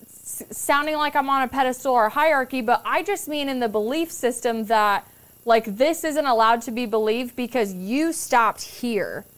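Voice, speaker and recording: A woman's voice: a little high, moderate pace, fairly bright tone. A young woman telling stories as a podcast guest, candid and casual, swearing freely and acting out other people's voices. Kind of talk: casual storytelling chat.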